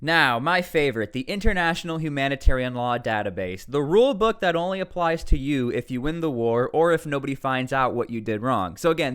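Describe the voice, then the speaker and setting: A man giving casual commentary on world news, reading out article passages and reacting to them, his pitch jumping up on words he stresses. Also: clear, resonant tone. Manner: animated, rises sharply on key words; reads out article text between remarks.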